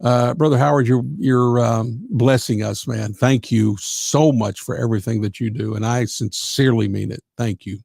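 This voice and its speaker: A man's voice: mid-range voice, fairly even intonation, normal speed, creaky, few pauses, a little mellow, dry recording, clean studio sound. A man hosting a live gospel radio show, chatty and effusive as he reads listener comments and thanks them. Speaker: radio host.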